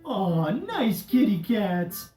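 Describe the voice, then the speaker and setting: A woman's voice: mid-range voice, very animated, drawn-out words. A woman voicing a cheerful, friendly male candy game leader who plays a follow-the-leader game with children. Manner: bouncy, playful, coaxing children. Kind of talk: children's DVD game hosting. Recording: roomy echo with music behind.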